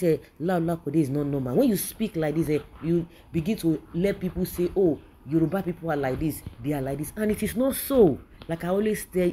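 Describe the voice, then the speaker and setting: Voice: mid-range voice, warm tone, a little hiss or hum. A political commentator with a Nigerian accent, giving an indignant opinion rant that keeps circling back and repeating phrases.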